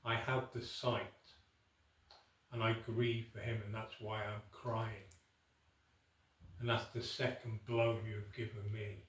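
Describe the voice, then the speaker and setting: A man's voice: level tone, slow, long pauses. A man voicing a grave, sorrowful fairy wife. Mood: grieving. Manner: low, quiet and grave. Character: sorrowful lake-born wife with second sight. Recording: echoey room, from far off.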